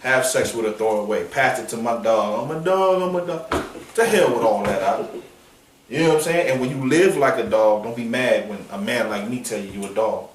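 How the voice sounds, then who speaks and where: A man preaching out on a downtown street, forceful and confrontational in a slangy, street-level way. His mid-range voice is caught from some distance, with a heavy echo around it and faint background hiss. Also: on the low side, brisk. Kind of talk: outdoor street preaching with call-and-response. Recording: echoey street sound from a distance.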